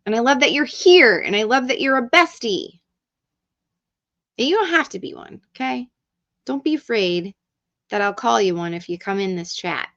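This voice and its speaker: A woman's voice: a little high, lively intonation, normal speed, pauses often, fairly bright tone. A middle-aged woman hosting a casual livestream, chatting loosely, swearing freely and reading out comments from viewers. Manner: chatty and profane, reads chat aloud, drifts off-mic. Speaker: livestream host. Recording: dull lo-fi stream audio.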